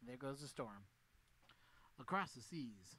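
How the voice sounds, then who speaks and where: A man's voice: medium pitch, animated, slow, pushed and bright, a little hiss or hum, low-quality recording. A middle-aged man from Canada, rambling casually as he tests a cheap wireless microphone for his maker livestream. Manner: rambling, chatty, jokey. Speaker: maker channel host. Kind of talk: casual mic test livestream.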